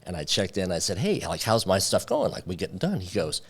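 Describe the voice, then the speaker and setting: A man's voice: low voice, brisk. A man, a company founder, telling his story in a casual interview and acting out the dialogue as he goes. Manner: lively storyteller who acts out quoted dialogue.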